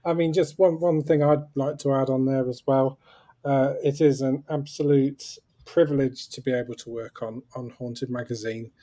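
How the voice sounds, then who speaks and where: A man with a mellow, warm voice, chatting as a guest on a video call. He promotes his magazine keenly and slips in dry jokes. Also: mid-range voice, fairly even intonation, moderate pace. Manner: enthusiastic self-promotion with wry jokes. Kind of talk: casual live-stream chat.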